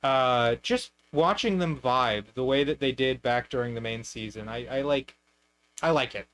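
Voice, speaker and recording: A man's voice: mid-range voice, moderate pace, a bit bright, smooth. A young man hosting a casual stream chat about anime, rambling with fillers, restarts and the odd swear. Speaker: streamer host.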